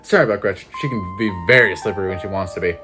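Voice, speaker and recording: A man's voice: low-pitched, rapid-fire, music in the background, close to an everyday voice. A man voicing a cheerful, chatty young woman from a small country town in a game, friendly and hospitable.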